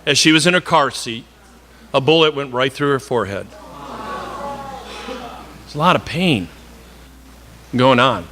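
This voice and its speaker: A man's voice: medium pitch, animated, unhurried, long pauses, pushed and bright, a little hiss or hum. A man from northern Wisconsin preaching a sermon in an earnest, conversational way, often repeating words and slipping in joking asides.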